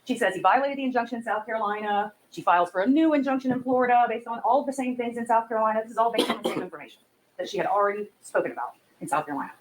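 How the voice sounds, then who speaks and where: A woman prosecutor giving a closing argument to a jury, building her case methodically and forcefully. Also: on the high side, racing, a little hiss or hum, poor audio.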